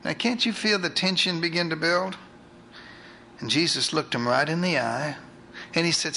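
A man preaching a sermon, retelling scripture with lively asides to his congregation. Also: fairly high pitch, moderate pace, slight background noise, low-quality recording. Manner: animated storytelling with asides to the congregation.

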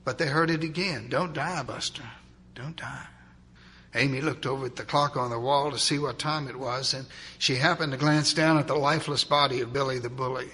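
A man narrating a dramatic story, swinging from loud, urgent passages to hushed ones. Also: medium pitch, steady tone, fairly quick, hardly any pauses, slightly rough.

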